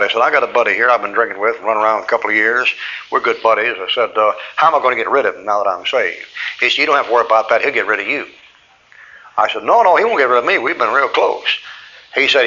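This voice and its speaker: Folksy male preacher acting out both sides of his stories, sharp bright voice, muffled old tape. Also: mid-range voice, quick pace. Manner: folksy storytelling, acts out both sides of conversations. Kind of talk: sermon with personal testimony.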